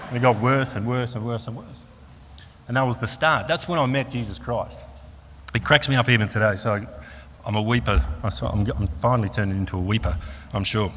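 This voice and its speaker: An Australian man giving a personal faith testimony at a fellowship meeting, an animated storyteller who acts out the voices of the people in his story. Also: medium pitch, a little fast. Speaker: speaker at a Christian fellowship meeting. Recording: long hall reverb, faint room noise.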